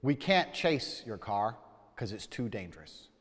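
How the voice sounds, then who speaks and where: A man putting on a bored female police officer who speaks in a dull, procedural monotone. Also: rumbling low, measured pace, slightly rough, big-room sound, pitched below the performer's own voice, exaggerated voice. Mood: flat, procedural.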